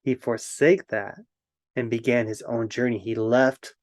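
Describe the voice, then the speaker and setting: A man tells an old fairy tale in a gentle, reflective manner, then muses on its meaning. His voice sits in a middle male register. The sound is dry and close, with no room echo. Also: mid-range voice, steady tone, unhurried. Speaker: storyteller.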